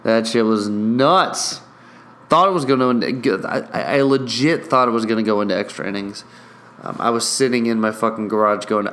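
Profane, excitable man hosting a podcast. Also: mid-range voice, normal speed. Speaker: podcast host. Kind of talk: casual solo podcast with mock play-by-play. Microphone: studio mic with pop filter.

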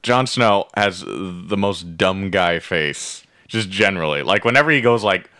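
A young man with a fairly low voice and a bright, forceful tone tells a show's plot in a loose, profane ramble. The sound is dry and close. He keeps slipping into quick voices for the characters. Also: expressive, smooth, dry recording. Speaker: podcast co-host recapping a show. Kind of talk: casual chat.

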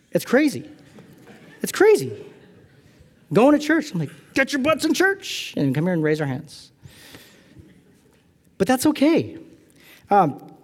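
In a fairly high-pitched voice, a middle-aged pastor from California gives a sermon built on animated, self-deprecating anecdotes and lively asides.

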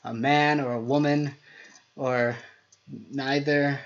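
A young man co-hosting a casual comedy podcast, telling stories in an animated, rambling way. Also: medium pitch, slow, muffled recording. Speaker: podcast co-host.

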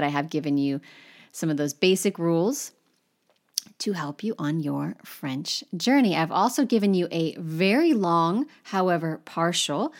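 Field: French teacher. Sex: woman. Pitch: slightly low. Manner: demonstrates French words with exaggerated accent; brisk, reassuring teaching tone. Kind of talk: instructional course overview. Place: lives in Paris.

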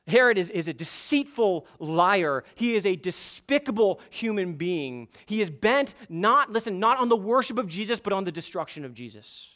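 A man preaching an expository sermon, emphatic and building to forceful peaks. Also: sits high, expressive, normal speed, few pauses. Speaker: pastor.

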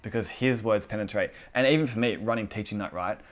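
Animated low-voiced man telling stories. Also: fast. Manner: animated storyteller who acts out quotes. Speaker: church teaching night leader. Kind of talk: casual faith chat.

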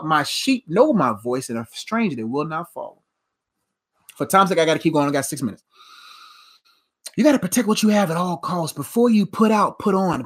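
A man preaching a casual, slangy sermon, swinging between emphatic bursts and hushed asides. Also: on the high side. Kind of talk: sermon with live Q and A.

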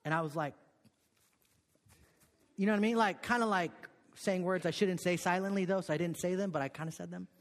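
A man preaching a sermon, telling a personal story with many "okay?" and "right?" asides, dropping to a hush and then rising with emphasis. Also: high voice, a little fast, pauses often, big-room sound. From Korea. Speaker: pastor.

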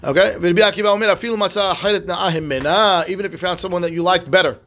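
Man, high-pitched, rabbi teaching a Talmud class, reads the text then explains, conversational. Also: racing, a bit bright, a little hiss or hum. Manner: conversational, asks "right?" and "okay?".

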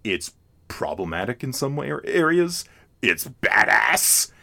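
A man's voice: mid-range voice, sing-song, slow, gravelly, pushed and bright. A man hosting a casual film podcast, rambling with many restarts and fillers and laughing often. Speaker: podcast host. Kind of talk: casual chat.

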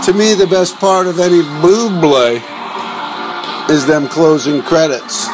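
A man's voice: fairly high pitch, fairly even intonation, measured pace, over music. A man hosting a podcast, rambling jokingly and calling his listeners gang while he watches TV clips. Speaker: podcast host. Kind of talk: casual comedic monologue over TV clips.

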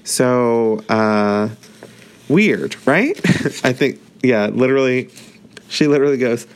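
Man, casual show recap, chatty and rambling, mid-pitched. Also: slow, clean tone. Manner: chatty, heavy use of "like".

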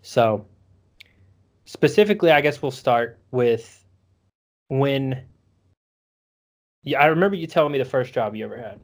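A man hosts a loose podcast conversation, cursing often and laughing easily. His voice sits in a middle pitch and he rambles from story to story. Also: expressive, a little slow, long pauses. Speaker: podcast host. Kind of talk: casual podcast chat.

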